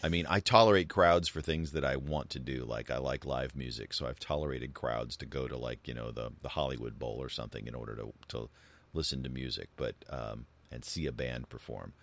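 A man's voice: extremely low pitch, fairly quick, creaky, a bit bright. A man co-hosting a casual talk show, rambling and joking, with many restarts and fillers. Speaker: co-host. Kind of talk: casual chat.

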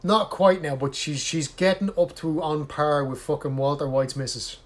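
A man's voice: a little high, steady tone, moderate pace. A man in casual chat with a friend, ranting animatedly and swearing heavily.

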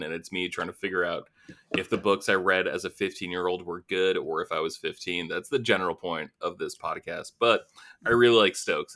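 Brief: young male podcast host, lowish voice, bright and forceful, swears a lot while he argues his point. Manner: profane, emphatic, laughs often. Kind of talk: casual chat.

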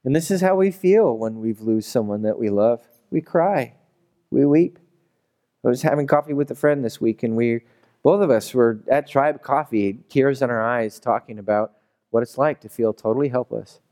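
A man's voice: mid-range voice, moderate pace, warm tone. A man preaching a sermon as a pastor, in a loose, conversational storytelling way. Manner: conversational storytelling, acting out characters.

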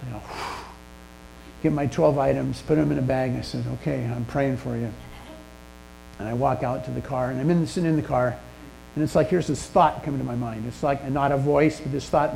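Guy preaching, chatty story, kinda gravelly, low hum in the background. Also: darkish tone, rough recording. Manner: conversational, self-deprecating anecdotes. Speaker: pastor. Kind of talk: sermon storytelling. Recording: faint mains hum.

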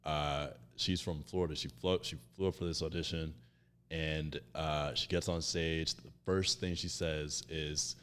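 A man's voice: extremely low pitch, steady tone, measured pace, clean tone. A man, a stand-up comedian, chatting casually on a podcast and telling a story with lots of fillers and restarts. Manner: rambling storyteller, many fillers.

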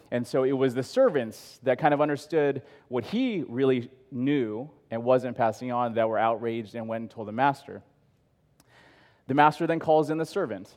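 A man's voice: mid-range voice, darkish tone. A man preaching a sermon, reading scripture and adding casual, conversational asides. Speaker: pastor. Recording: long hall reverb.

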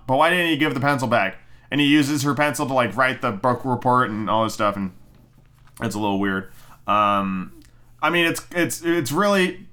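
A man hosts a solo podcast movie review, rambling and swearing, full of ums and restarts, and joking around with mocking character voices. His voice sits fairly high, with a sharp yet smooth tone.

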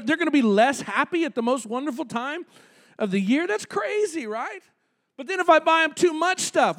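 A man's voice: very high-pitched, a bit bright. A male pastor preaching a conversational sermon in a church, calling out to the congregation. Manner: conversational preaching with audience call-outs. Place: church sanctuary.

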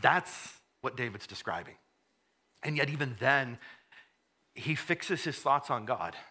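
Fervent bright-voiced male preacher. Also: mid-range voice, animated, a little slow. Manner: conversational, swells to fervent emphasis then drops to hushed; stumbles and repeats words. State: has a cold. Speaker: pastor. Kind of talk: sermon.

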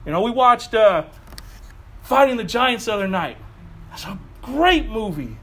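A man's voice: sits high, expressive, measured pace, pushed and bright. A middle-aged male pastor preaching a sermon in a fired-up, conversational way with casual asides.

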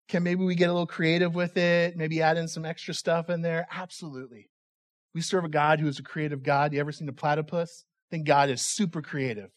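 A male pastor giving a conversational, humorous sermon, often repeating words as he restarts. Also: high voice.

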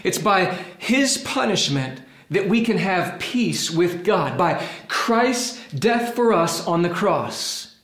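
A man's voice: big pitch swings, takes it slowly, few pauses, fairly bright tone, echoey room. A man preaching a sermon with passion, acting out quoted figures in a raised voice. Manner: impassioned preaching, voices quoted figures with rising pitch and force. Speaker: pastor.

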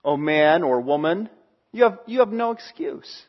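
High-voiced man preaching conversationally. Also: expressive, measured pace, muffled recording. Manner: conversational, acts out quoted voices. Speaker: pastor. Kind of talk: sermon.

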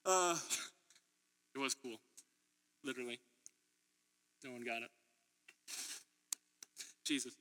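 Bright-voiced man preaching in a hall. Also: mid-range voice, slow pace, pauses often. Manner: chatty storytelling, laughing, acting out quotes. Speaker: preacher and middle school teacher. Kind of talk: sermon. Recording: long hall reverb.

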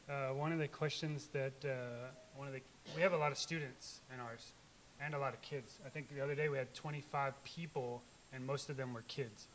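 A man's voice: mid-range voice, a bit bright, a little hiss or hum. A church member, a man, gives an earnest, informal testimony to the congregation, rambling with many restarts.

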